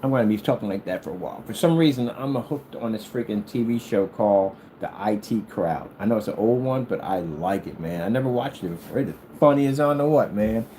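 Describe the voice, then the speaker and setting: A man from the United States talking casually to his vlog audience, rambling and repeating himself, sometimes drawing words out slowly. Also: on the low side, expressive, dark tone, slight background noise, poor audio. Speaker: vlogger.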